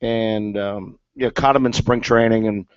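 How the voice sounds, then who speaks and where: A man's voice: lowish voice, steady tone, normal speed, clean tone, no echo. A man, a former catcher, telling a story in casual chat with lots of fillers and restarts. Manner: rambling, many fillers and restarts. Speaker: guest, former big-league catcher. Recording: dull, dry, lo-fi sound.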